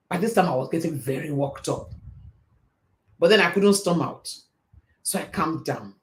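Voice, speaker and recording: A middle-aged man hosting a live stream and giving a motivational faith talk, telling stories in a fast, animated way. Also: on the high side. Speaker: host.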